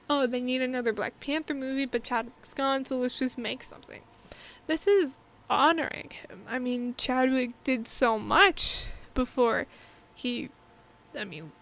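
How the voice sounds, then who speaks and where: Fan reviewer, female, high-pitched, eager and emotional, trips over her own sentences. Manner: excited, emotional, rambling with many restarts. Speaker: movie reviewer. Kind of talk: casual spoken movie review.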